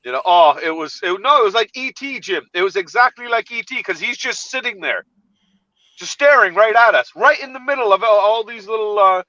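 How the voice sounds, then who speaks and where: A man telling an animated story in a casual chat, laughing along as he goes. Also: high-pitched, brisk, dry recording, dull audio.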